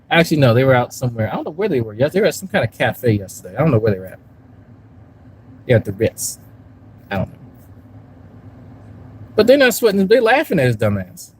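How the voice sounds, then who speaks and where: Rambling and swearing to his chat, a YouTube commentary streamer with a fairly high voice streams casually from a park and then a parked car. The recording is rough, with slight background noise.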